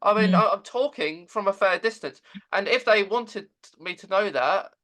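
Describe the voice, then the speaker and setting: Halting man, high bright voice. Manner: halting, with many stammered repeats. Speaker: podcast host. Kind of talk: casual conversation.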